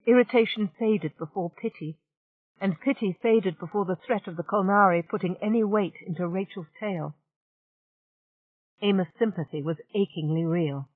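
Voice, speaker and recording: A woman reading an audiobook in a measured, even narration. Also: medium pitch. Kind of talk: scripted narration. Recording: tinny phone-like sound.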